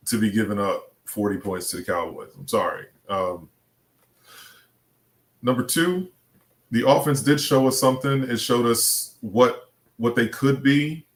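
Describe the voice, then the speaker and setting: A man giving his take on a sports podcast, measured and organized, going point by point. He speaks slowly with a middle-range voice. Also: on the low side. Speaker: podcast guest. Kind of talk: casual sports talk.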